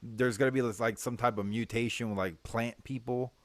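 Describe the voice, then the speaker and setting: A man's voice: mid-range voice, steady tone, a little fast, no echo. A man co-hosting a casual comic book review chat, laid-back and slangy, laughing often.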